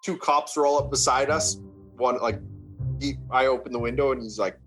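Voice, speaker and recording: Young guy from Canada, loose animated storyteller, mid pitch, light music bed. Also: moderate pace. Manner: animated, swearing, acts out shouts. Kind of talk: casual storytelling.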